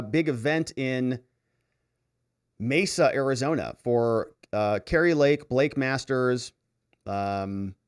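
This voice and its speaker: A man hosting a livestream, casually reading out viewer comments and chatting about them with quick asides. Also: medium pitch. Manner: chatty, reads comments aloud with asides and laughs.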